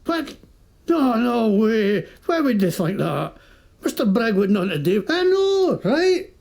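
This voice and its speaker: A shifty wasteland crook with a put-on Scottish brogue for a video game. His voice is gravelly and swoops up and down a lot as he whines, bargains and makes excuses. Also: high voice, sing-song, slow pace, darkish tone, exaggerated voice. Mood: wheedling. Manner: whiny, excuse-making, wheedling.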